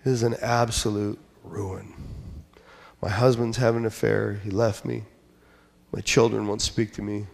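Distraught middle-aged woman as quoted by a male pastor, pouring out troubles, gravelly voice, hall echo. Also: fairly low pitch, little pitch movement, normal speed, pitched below the performer's own voice. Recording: long church hall reverb.

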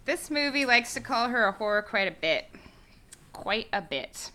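A woman chats casually on a podcast, picking apart a film with sarcasm and frequent laughter. Her voice is bright and forceful. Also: fairly high pitch, lively intonation, unhurried. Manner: chatty, sarcastic, laughs often. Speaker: podcast co-host. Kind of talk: casual movie review chat.

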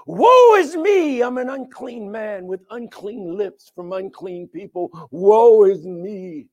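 A preacher acting out a wailing, stricken old prophet. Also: male voice, high voice, warm tone, dull audio, voice pushed down. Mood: anguished. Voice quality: slow, anguished wailing cry. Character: grief-stricken ancient male prophet, awed and ashamed.

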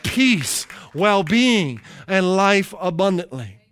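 Middle-aged man, pastor, sermon, emphatic slow phrasing, chatty asides, high voice, dry close sound. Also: big pitch swings, fairly bright tone, clean tone, dry recording. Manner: slows down for emphasis, conversational asides.

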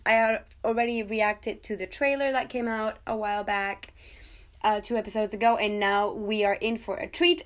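A young woman with a slightly high voice hosts a casual solo podcast. She talks in an excitable, chatty way, full of little fillers and asides. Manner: chatty and excitable, with frequent ums and laughs. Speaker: podcast host.

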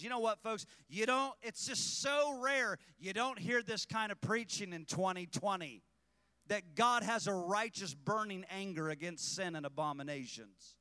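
Fiery male preacher, high, crisp voice, dry close sound, builds to shouted emphasis. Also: moderate pace. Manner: impassioned, rising to shouted emphasis; mocking, blunt. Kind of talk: fiery sermon. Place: church service.

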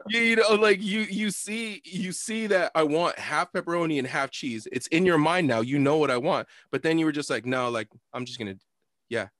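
A young man co-hosting a podcast, telling a long story in a loose, profane, animated way with lots of fillers. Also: fairly high pitch, normal speed, hardly any pauses, no echo, studio quality. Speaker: podcast co-host. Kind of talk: casual storytelling chat.

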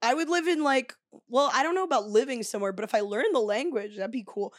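A woman's voice: on the high side, quick pace, no echo, clean studio sound. Playful woman podcast co-host. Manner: playful, giggly banter. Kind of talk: casual podcast banter.

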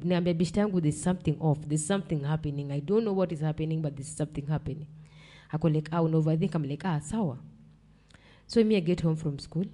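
Low-voiced young Kenyan woman, emotional. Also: warm tone. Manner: mixes English and Swahili slang, blunt, swears. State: emotional, near tears. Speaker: podcast guest. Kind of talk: emotional personal storytelling.

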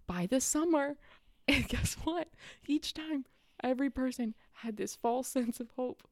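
A woman's voice: high voice, unhurried, darkish tone, dry recording, clean studio sound. A young adult woman delivering a sarcastic, exasperated casual rant about politics. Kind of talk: casual ranting monologue.

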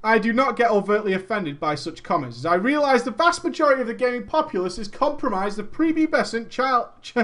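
A man's voice: sits high, a bit bright. A man streaming, reading a story aloud and breaking off into mocking asides and frequent laughter.

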